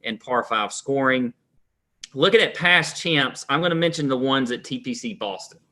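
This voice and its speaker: A male podcast co-host with a bright, forceful tone. He rattles off course details and past results in a brisk, businesslike rundown for a casual fantasy golf chat. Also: mid-range voice, lively intonation. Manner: runs through course facts in a brisk rundown.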